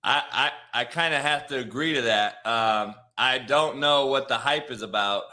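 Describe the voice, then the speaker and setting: A man's voice: medium pitch, moderate pace, sharp tone. A man hosting a casual sports talk show, laid-back, swearing freely and restarting his sentences. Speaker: podcast host.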